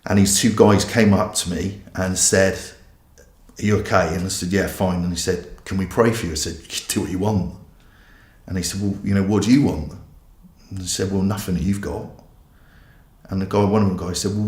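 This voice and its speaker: A man's voice: deep voice, darkish tone, roomy sound. A man, a pastor giving a candid, self-mocking personal testimony. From England.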